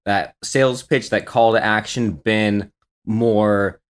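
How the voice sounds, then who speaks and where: A man's voice: lowish voice, steady tone, slow, smooth. A man hosting an interview, asking questions casually and rephrasing them as he thinks aloud. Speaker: podcast host.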